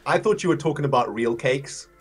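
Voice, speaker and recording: A man's voice: mid-range voice, fairly quick, soft background music. A man co-hosting a casual gaming livestream, laid-back and enthusiastic, laughing often. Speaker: livestream co-host.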